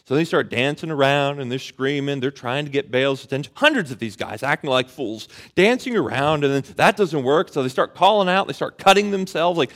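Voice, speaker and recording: A man's voice: a little high, animated, brisk, hardly any pauses, a bit bright. A man preaching a sermon in a conversational way, asking the audience questions and retelling a story with casual slang. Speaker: pastor.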